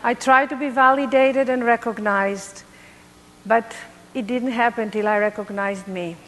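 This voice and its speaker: A middle-aged woman from Greece with a Greek accent, telling her life story to an audience in an animated, playful way. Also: on the high side, unhurried, big-room sound, slight background noise. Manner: animated, playful, laughs at herself. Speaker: motivational speaker.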